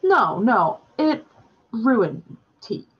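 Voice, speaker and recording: A woman reading aloud and voicing an earnest boy who speaks broken English in a halting, insistent way. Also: on the high side, big pitch swings, husky, faint music behind, pitched above the performer's own voice, heavily acted. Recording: dull lo-fi recording.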